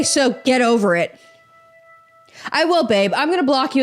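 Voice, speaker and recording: A young woman hosting a podcast, reading out online posts in casual chat with sarcastic, profane asides. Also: fairly high pitch. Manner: sarcastic, profane and animated, quick asides and laughs. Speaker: podcast host.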